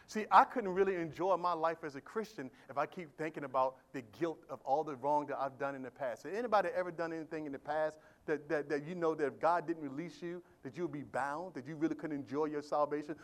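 Male pastor, sermon delivery, high-ish voice, shifts from hushed to shouting, questions the congregation. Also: brisk. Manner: swings from quiet talk to loud shouted emphasis. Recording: live church sermon audio.

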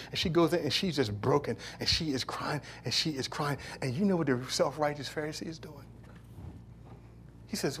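A man's voice: on the high side, normal speed, fairly bright tone, breathy edge. A man preaching a sermon, retelling a story with passion and acting out the characters' words. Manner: impassioned, acts out the characters' words.

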